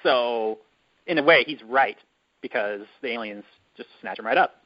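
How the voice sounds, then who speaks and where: A man hosting a casual chat, telling a long story in a rambling, drawn-out way with many fillers. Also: mid-range voice. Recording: dull lo-fi recording.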